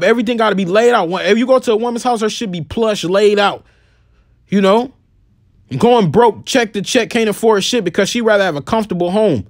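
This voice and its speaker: A man giving an informal, profane sermon, blunt and scolding, who slows down and turns solemn when he reads scripture. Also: high-pitched, no room sound, clean studio sound. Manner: blunt and scolding, swears freely. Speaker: preacher.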